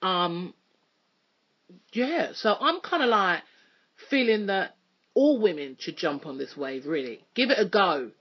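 A woman's voice: mid-range voice, big pitch swings, measured pace, long pauses, breathy edge, dull audio. A woman presenting a casual radio chat, joking and chatty with plenty of fillers.

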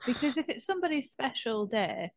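Woman comedian chatting, laughs along, quick little replies, dry close mic. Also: fairly high pitch, big pitch swings, dry recording. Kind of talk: casual chat.

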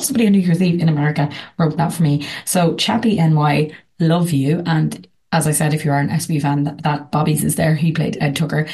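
Low-pitched Irish woman, chatty podcast host who rambles through her sign-off. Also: darkish tone. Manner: chatty, rambling with many fillers. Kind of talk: casual chat.

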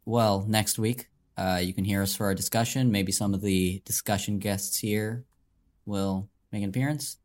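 A man's voice: lowish voice, fairly even intonation, moderate pace. A young man co-hosting a podcast, chatting casually and often restarting with fillers. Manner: hesitant, filler-heavy. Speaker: podcast co-host. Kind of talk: casual banter.

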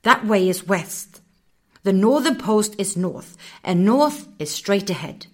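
A woman's voice: mid-range voice, expressive, slow. A woman voicing a decisive, stern little male guide in a children's story, firm and commanding.

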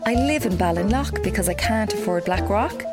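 A woman's voice: mid-range voice, expressive, normal speed, loud music behind the voice, close to an everyday voice. A woman playing a dry, sardonic Cork agony aunt with a Cork accent, hosting a comedy advice sketch. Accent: Cork Irish. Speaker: host.

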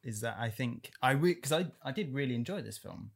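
Reflective man, mid-pitched voice. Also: expressive, a little fast, vocal fry, husky. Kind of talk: casual film discussion.

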